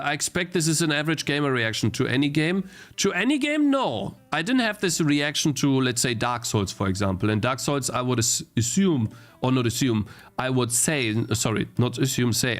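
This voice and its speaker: In his live-stream gameplay commentary, a young man speaks at normal speed with a medium-pitched, expressive voice. He thinks out loud as he plays, often restarting sentences and getting frustrated easily.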